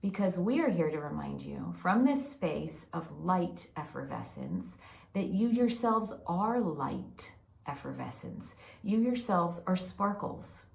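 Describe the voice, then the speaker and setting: A woman voicing a loving collective of light beings, delivering a channeled spiritual message in slow, repeating, chant-like phrases. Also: lowish voice, very animated, creaky, echoey room, heavily acted. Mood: serene. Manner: slow, repetitive, incantatory delivery.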